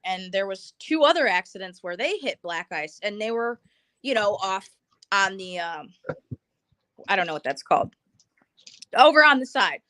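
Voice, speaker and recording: A young woman co-hosting a live stream, telling blunt, animated stories in casual chat and acting out the people she quotes. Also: medium pitch, moderate pace, long pauses, no echo. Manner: blunt, animated storyteller who acts out quotes.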